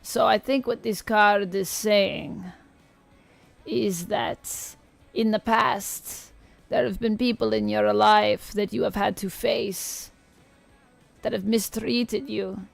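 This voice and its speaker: A woman voicing a crackly old Eastern European witch, reading tarot slowly and solemnly. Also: mid-range voice, steady tone, no echo, soft background music, heavily acted. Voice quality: crackly, gravelly. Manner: slow, solemn fortune-telling.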